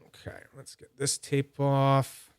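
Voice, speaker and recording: A man's voice: medium pitch, monotone, takes it slowly, clear, resonant tone, no echo, studio quality. A man streaming live, chatting casually and talking through each step of a hands-on demo while answering his chat. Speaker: fidget toy streamer.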